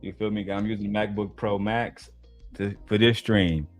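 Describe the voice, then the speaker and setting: Male reaction-stream host, lowish voice, blunt and teasing in casual commentary. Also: fairly even intonation, normal speed, soft background music.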